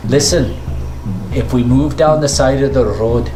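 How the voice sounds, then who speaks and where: A man's voice: mid-range voice, unhurried, mellow. A man running a tabletop game as game master, rambling and restarting his descriptions. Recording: echoey room with faint music.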